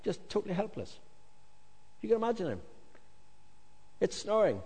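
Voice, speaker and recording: Male pastor, fairly high voice, animated preaching in a big echoing hall. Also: moderate pace, pauses often, breathy edge. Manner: animated, jokey asides, swings from loud to hushed. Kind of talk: sermon. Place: large hall with congregation. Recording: long reverb of a large hall.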